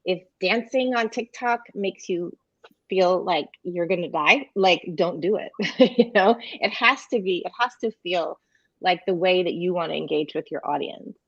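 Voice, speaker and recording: A woman's voice: lowish voice, measured pace, dry recording. A woman author offers encouraging advice on a panel, with a light laugh here and there. Her voice has a dull, slightly muffled recording quality. The room sounds dry. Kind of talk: casual panel chat.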